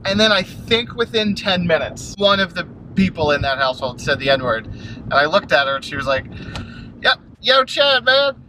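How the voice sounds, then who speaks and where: A man hosting a casual comedy chat while driving, roasting his guest with profane, deadpan jabs, recorded inside a car. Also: fairly high pitch, brisk, slight background noise. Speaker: host.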